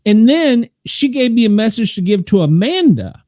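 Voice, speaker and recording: A man's voice: high-pitched, sing-song, moderate pace, warm tone, no echo, studio quality. An older man hosting a chat show, telling rambling stories and laughing often. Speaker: podcast host. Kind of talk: casual chat.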